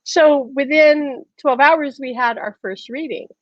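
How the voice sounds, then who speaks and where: High-voiced woman telling a lively story. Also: measured pace, dry recording, lo-fi sound. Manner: laughs often, retells conversations in quotes. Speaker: host. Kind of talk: animated personal storytelling.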